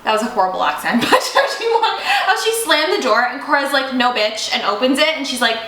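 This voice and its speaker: A woman's voice: high-pitched, lively intonation, fast, pushed and bright. A young woman co-hosting a casual TV review chat, gushing and giggly, swearing casually. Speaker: co-host. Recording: echoey room with faint hiss.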